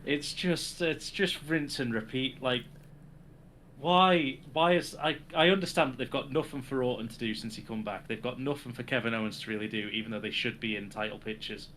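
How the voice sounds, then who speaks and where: A man's voice: medium pitch, brisk, a bit bright, a little hiss or hum. A man co-hosting a casual wrestling podcast, sarcastically recapping the week's shows. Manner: sarcastic, recaps segments with acted quotes. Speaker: podcast co-host.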